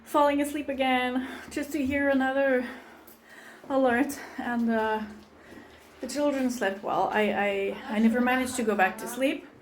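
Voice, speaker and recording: A woman's voice: sits high, steady tone, measured pace, rough recording. A middle-aged woman, out of breath, filming herself on a phone as she walks outdoors to a bomb shelter and talks in a chatty, laughing way. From immigrant to Israel. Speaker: resident showing her shelter route. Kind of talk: handheld video walk-through.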